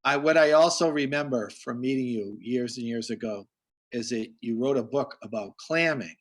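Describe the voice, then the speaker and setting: Male host, mid-pitched, rambling anecdotes, video call audio. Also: moderate pace. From Massachusetts. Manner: rambling storyteller, restarts often. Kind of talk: casual video call chat.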